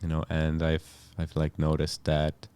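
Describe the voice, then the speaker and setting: A man, a guest comedian chatting in a halting, laid-back way. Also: very deep voice, monotone, darkish tone, smooth. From Estonia. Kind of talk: casual chat.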